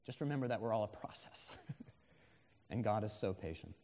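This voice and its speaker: A man's voice: on the low side, expressive, normal speed, a little mellow. A man preaching a sermon as pastor, earnest and conversational, rising to emphatic swells. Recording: long hall reverb.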